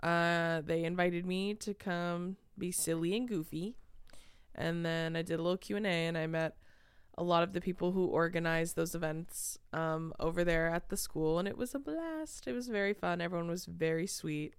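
A woman's voice: on the low side, normal speed, clear, resonant tone, dry recording. A young adult woman co-hosting a podcast, chatting casually, laughing often and swearing freely. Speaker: podcast co-host. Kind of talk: casual chat.

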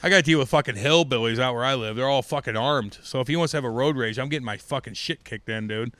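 A middle-aged American man co-hosting a podcast, telling stories in casual chat with constant swearing and loud acted-out quotes, on a close mic. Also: medium pitch, fast, no room sound. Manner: profane, excitable, acts out quotes loudly. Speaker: podcast co-host.

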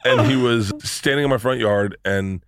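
A man's voice: mid-range voice, normal speed, a crowd in the background. A man casually telling rambling, profane stories as a comedian guest on a podcast. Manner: rambling, profane, animated storyteller.

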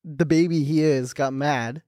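A young man with a notably high voice, co-hosting a comedy podcast and telling animated stories. He swears freely and slips into the voices of the people he quotes. The sound is close and dry, with no room around it. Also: unhurried, no room sound. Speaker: podcast co-host. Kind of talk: casual comedic chat.

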